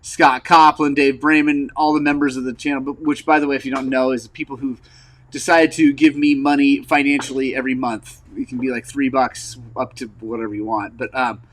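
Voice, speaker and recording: A man hosting a motorcycle channel in casual rambling vlog chat, frank and frustrated, with lots of fillers and throat clearing, recovering from an injury. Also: medium pitch, little pitch movement, brisk, a bit bright, poor audio. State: recovering from injury, wearing a brace.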